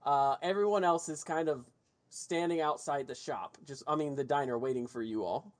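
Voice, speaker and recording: A man's voice: fairly high pitch, normal speed. A man narrating a tabletop game as game master, casual, with frequent restarts and swearing.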